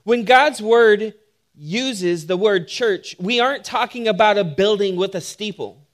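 A man's voice: high-pitched, measured pace. A man, a pastor, preaching a sermon that opens with a humorous personal story and moves into teaching. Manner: humorous storytelling, animated when telling the joke.

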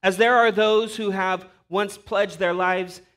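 A man's voice: high-pitched, steady tone, slow pace, a bit bright. A man preaching a sermon as pastor, earnest and emphatic.

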